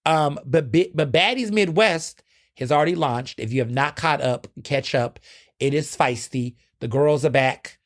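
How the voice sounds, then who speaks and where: Chatty, high-pitched man hosting a podcast. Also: unhurried. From United States. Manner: chatty and dramatic, with sudden pitch jumps. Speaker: podcast host. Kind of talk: casual solo commentary.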